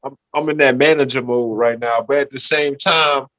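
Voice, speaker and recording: A man's voice: medium pitch, steady tone, moderate pace, a bit bright, low-quality recording. A middle-aged man from Louisiana, a rapper guest talking loosely and repetitively in a casual podcast chat. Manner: loose, repetitive street talk, "you feel me".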